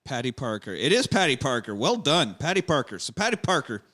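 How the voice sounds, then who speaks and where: A man's voice: medium pitch, big pitch swings, fairly quick, pushed and bright. A man hosting a movie podcast, joking and swearing as he recaps the plot. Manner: joking, profane, drives the recap. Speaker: podcast host reviewing a movie. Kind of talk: casual chat.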